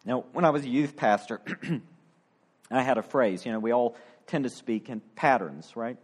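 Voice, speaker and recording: A man's voice: mid-range voice, normal speed. A middle-aged male pastor preaching a sermon, acting out the quoted voices with drama.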